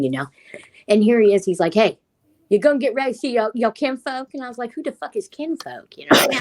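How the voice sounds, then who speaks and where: Animated, lively-voiced woman storyteller. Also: fairly low pitch. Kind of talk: casual chat.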